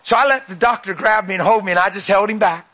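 A man's voice: sits high, fast talker, pushed and bright, some chatter behind. A male preacher telling a personal story in a folksy, emphatic way, acting out the dialogue. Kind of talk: sermon storytelling.

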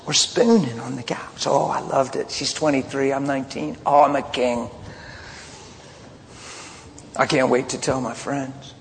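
A man preaching a sermon, mixing loud outbursts with hushed personal confessions as he tells a story. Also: mid-range voice, steady tone, a little slow, long pauses, a little hiss or hum. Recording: long hall reverb, faint ambience.

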